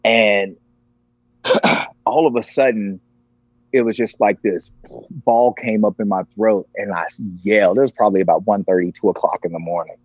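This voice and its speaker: A man's voice: lowish voice, moderate pace, long pauses, dry recording. A man sharing a personal story as a podcast guest, earnest and emotional. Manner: earnest, emotional, acts out quoted voices. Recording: dull lo-fi, dry.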